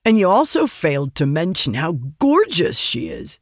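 A man's voice: a little high, wildly swooping pitch, moderate pace, creaky, dry recording, studio quality, exaggerated voice. A man doing a brash, cocky young ranger. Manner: unrefined and cocky.

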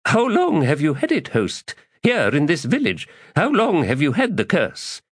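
A man voicing a blunt, demanding male wizard who questions loudly. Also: a little high, huge pitch swings, unhurried, breathy edge, no echo, studio quality, pitched above the performer's own voice, exaggerated voice.

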